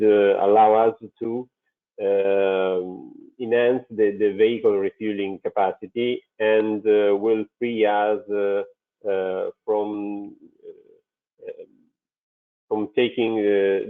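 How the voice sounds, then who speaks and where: Halting, male presenter, low voice, slow delivery, tinny video-call audio. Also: level tone. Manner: halting, many fillers and restarts. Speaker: transit company presenter. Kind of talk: webinar presentation. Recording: phone-like narrow sound.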